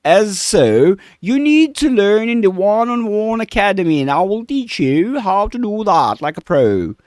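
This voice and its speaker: A man's voice: high voice, very animated, measured pace, darkish tone, dry recording, clean studio sound, pitched above the performer's own voice. A man voicing a male alien with an odd accent, showy and salesman-like.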